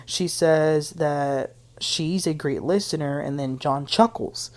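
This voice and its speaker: A woman with a low-sitting voice speaks slowly as she hosts a casual reality TV recap. She retells scenes in a chatty way, adding her own opinions and asides.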